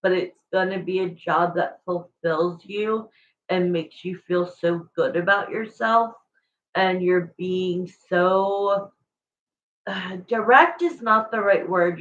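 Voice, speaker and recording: Tarot reader, woman, chatty and emotional, unhurried delivery, slightly muffled audio. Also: on the low side, a bit bright, a little hiss or hum. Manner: rambling, chatty, emotional, searches for words. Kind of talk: live-stream tarot reading to viewers.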